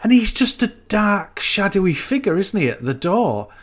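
A man's voice: high voice, sing-song, normal speed, crowd noise. Guy rambling through a film plot, acts out the lines, swears a lot. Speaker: podcast co-host. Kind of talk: casual film recap chat.

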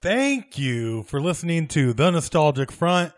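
A man's voice: on the high side, big pitch swings, a little slow, no echo, faint music behind. A young man co-hosting a podcast with dry, wry, easygoing humor. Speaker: podcast co-host. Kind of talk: casual comedic chat.

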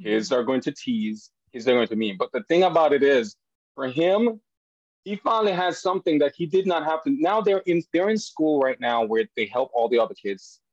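A man who is a podcast guest, telling family stories in an animated way and jumping high in pitch when he quotes people. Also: moderate pace, no echo, muffled recording. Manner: animated storyteller, voice jumps high for quoted lines. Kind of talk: storytelling in a podcast interview.

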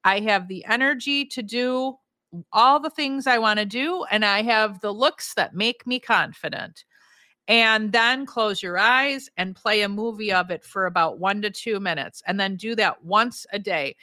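Woman podcast host, peppy coach, bright voice, dry close sound, animated storyteller. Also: mid-range voice, a little slow, no echo. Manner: enthusiastic, laughs often, acts out quotes. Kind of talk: upbeat coaching talk.

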